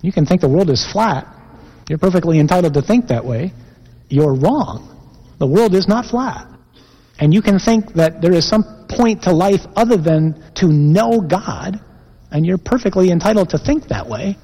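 Priest preaching in a big church, husky and mellow, long echo, slows way down to stress points. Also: male voice, high voice, animated. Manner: forceful preaching with slow, stressed phrases. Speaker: priest leading a mission. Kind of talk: sermon and led prayer. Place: large church.

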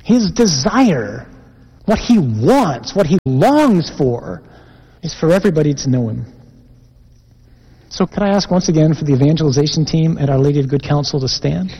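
A man, a priest, preaching a mission sermon and leading the congregation in prayer, stressing slow phrases. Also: on the high side, animated, mellow, slightly rough. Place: large church. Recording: long church reverb.

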